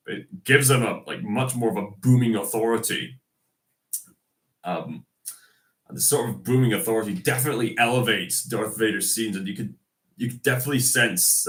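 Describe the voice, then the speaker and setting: Casual host, man, getting over a cold; slow, halting delivery, fairly low voice. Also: fairly bright tone. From Scotland. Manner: hesitant, many fillers and restarts. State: recovering from a cold, coughing. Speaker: video host. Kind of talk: casual tribute talk.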